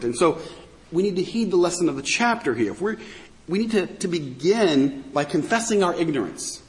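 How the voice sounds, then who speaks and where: A man's voice: a little high, big-room sound. A man giving a conversational sermon as a pastor, with sarcastic asides.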